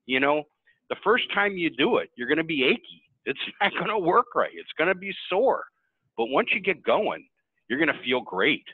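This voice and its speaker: A man speaking as a webinar panelist, telling stories in an animated, conversational way over tinny call audio. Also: fairly high pitch, moderate pace, slightly rough, no room sound. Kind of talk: webinar storytelling.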